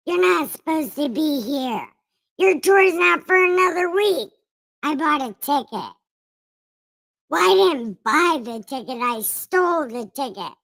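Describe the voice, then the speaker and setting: A woman voicing a naked, demon-possessed man from the tombs, in a squeaky, excited babble. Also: no room sound, heavily acted. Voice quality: squeaky, gravelly.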